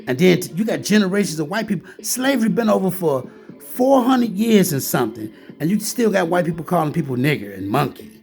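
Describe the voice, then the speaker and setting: A man's voice: sits high, sing-song, fairly quick, gravelly, a little mellow, soft background music. A man delivering a heated, repetitive ranting monologue, talking straight at the listener and often calling him "man". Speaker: vlogger.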